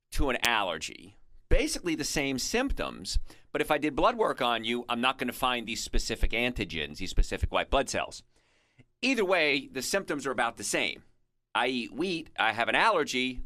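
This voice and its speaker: Lively, bright-voiced male radio health host. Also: mid-range voice, dry recording. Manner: explanatory, chatty storytelling with asides. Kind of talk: conversational radio health talk.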